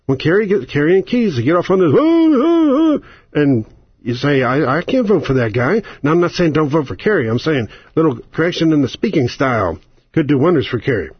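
A ranting, sarcastic man with a husky, slightly high voice, delivering political commentary in an indignant tone. The recording is dull and lo-fi, and the sound is dry and close. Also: animated, fast, no echo. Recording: dull lo-fi audio.

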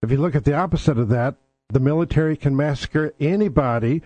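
A man's voice: on the high side, fairly quick, darkish tone, dry recording. A man hosting his own talk show, talking bluntly and combatively with plenty of swearing. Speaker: podcast host. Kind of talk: casual political talk.

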